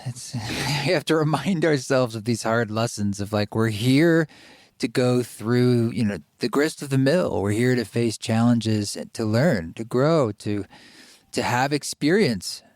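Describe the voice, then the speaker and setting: A man hosting a podcast interview, easygoing and quick to laugh. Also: mid-range voice, expressive, a little mellow, dry recording, studio quality. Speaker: podcast host. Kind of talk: casual interview chat.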